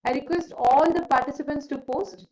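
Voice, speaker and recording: A woman's voice: high-pitched, moderate pace, darkish tone, rough recording. A woman leading an online spiritual session. She addresses participants by name and tells an earnest teaching story. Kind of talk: storytelling sermon.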